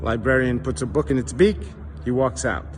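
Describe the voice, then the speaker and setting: A man, a rabbi, telling jokes in a deadpan, punchline-driven way. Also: mid-range voice, normal speed, long reverb tail, a little hiss or hum.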